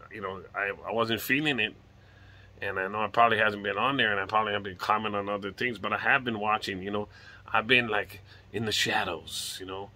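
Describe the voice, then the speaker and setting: Chatting outside on his porch, a middle-aged man from Hawaii speaks in a fairly low voice with a sharp tone. This vlogger has a light lilt, and his talk is casual and rambling, with some swearing mixed in.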